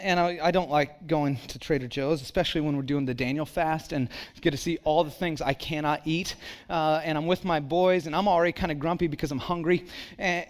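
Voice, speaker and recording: A middle-aged male pastor preaching a sermon, telling lively personal stories and acting out the voices of people in them. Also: on the high side. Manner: animated storyteller, acts out quoted voices.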